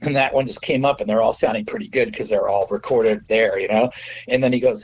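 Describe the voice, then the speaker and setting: A middle-aged man, a guest musician, telling anecdotes in an interview, animated, swearing freely and acting out quotes in a raised voice. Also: lowish voice, fast, vocal fry, slight background noise, low-quality recording.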